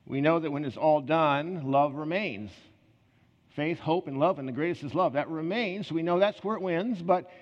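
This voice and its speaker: A man preaching a conversational sermon, telling personal stories in an earnest way with quick asides and restarts. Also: fairly high pitch. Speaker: pastor. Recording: reverberant hall, slightly muffled.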